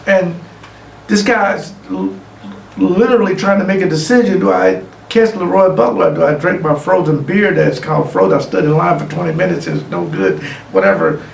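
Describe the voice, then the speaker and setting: A middle-aged man giving an award acceptance speech, telling a lively anecdote. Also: high voice, moderate pace, vocal fry, slight background noise. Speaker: award recipient and guest speaker. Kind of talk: storytelling speech. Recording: echoey room from far off, faint ambience.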